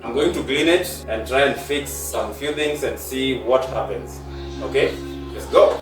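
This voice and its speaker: A Kenyan man vents in frustration while filming his vlog, standing back from the mic in a roomy, echoing space. Music plays clearly behind him. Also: mid-range voice, normal speed, distant mic. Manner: frustrated venting, mixing English and Swahili. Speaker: vlogger. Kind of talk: casual on-location vlog talk.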